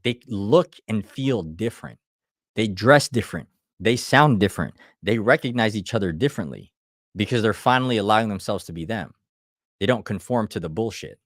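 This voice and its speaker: A man's voice: lowish voice, no room sound, studio quality. A man giving a live motivational talk as a life coach, blunt and swearing often, with frequent restarts. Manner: blunt, heavy swearing, repeats himself.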